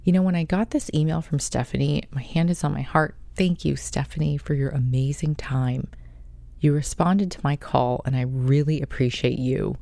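A woman's voice: deep voice, fairly even intonation, moderate pace, vocal fry, dark tone, no echo. A woman hosting her own podcast, talking in a gushing, chatty and effusive way. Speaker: podcast host. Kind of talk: casual monologue.

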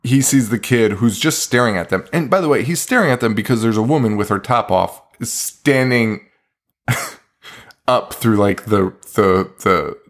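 A man's voice: mid-range voice, measured pace. A man co-hosting a podcast, recapping a bad horror movie in casual chat, swearing freely and laughing often. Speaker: podcast co-host.

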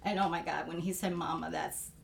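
A woman's voice: low voice, steady tone, a little fast, vocal fry, a little hiss or hum. Heartfelt woman podcast co-host. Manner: heartfelt and emotional. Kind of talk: casual discussion podcast.

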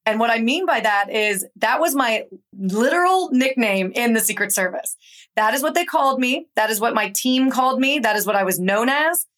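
Animated woman telling her story. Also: on the high side, normal speed. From Atlanta, Georgia. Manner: animated, acts out quoted voices in her stories. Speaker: guest author. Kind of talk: conversational storytelling interview.

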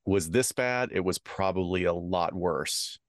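A man's voice: low-pitched, measured pace, no room sound. A man co-hosting a true crime podcast, reading the case aloud and adding dry asides. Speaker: podcast co-host.

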